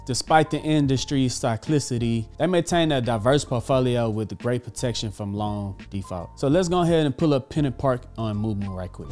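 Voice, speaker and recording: A man hosting a casual finance video, upbeat and energetic with offhand asides. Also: mid-range voice. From Texas. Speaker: host. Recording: faint background music.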